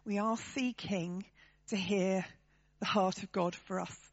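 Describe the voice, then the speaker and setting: A woman's voice: medium pitch, fairly even intonation, unhurried, dull audio. A woman preaching a sermon to her church, talking conversationally and turning to the congregation with tag questions.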